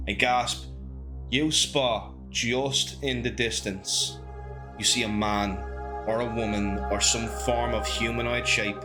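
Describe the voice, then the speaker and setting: Give me a male game master narrating a tabletop adventure over music. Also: lowish voice. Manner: vivid, descriptive storytelling. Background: background music.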